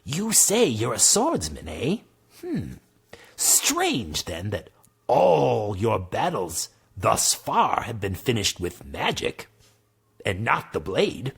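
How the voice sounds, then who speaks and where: A man's voice: on the low side, huge pitch swings, slow pace, gravelly, husky, exaggerated voice. A man voicing Granlo, a wise old male spirit guide who speaks in lofty, solemn phrases. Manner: solemn, lofty speech that slips into slang.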